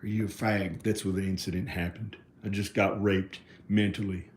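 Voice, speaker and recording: A middle-aged man vlogging in a rambling solo monologue, halting and often restarting his sentences. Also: low voice, little pitch movement. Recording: echoey room with faint noise.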